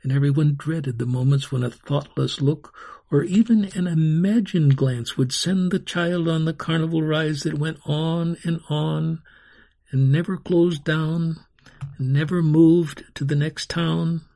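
A man reading a story aloud as scripted narration, slow and dramatic. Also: on the high side, fairly even intonation, creaky, dark tone. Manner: slow, dramatic storytelling with sung-out carnival sounds.

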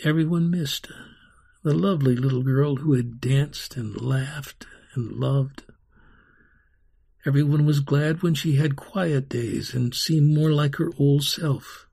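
A man reading a story aloud as scripted narration, slow and dramatic. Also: on the high side, vocal fry, mellow, husky. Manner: slow, dramatic storytelling with sung-out carnival sounds.

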